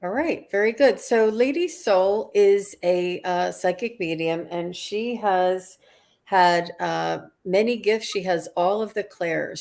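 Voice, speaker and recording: A woman hosting a live online show, speaking in a halting, hesitant way as she introduces her guest. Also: on the low side, vocal fry, a little mellow. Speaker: host of a live psychic show. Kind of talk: live-stream interview.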